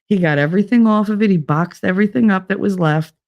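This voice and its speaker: A woman's voice: mid-range voice, quick pace, muffled recording. A middle-aged woman chats loosely with her viewers, drifting from story to story. She laughs often and leans on fillers as she reads out the chat. She talks from a room with bare walls and no curtains. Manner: rambling and chatty, with frequent laughs and fillers. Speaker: live streamer reading chat. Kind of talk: casual live-stream chat.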